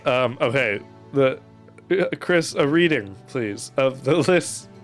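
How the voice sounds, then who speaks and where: American guy hosting a game stream, jokey and swearing a lot, low music playing. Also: lively intonation, takes it slowly. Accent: neutral American. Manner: joking, swears freely, laughs often. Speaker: game master. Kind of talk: casual banter on a stream.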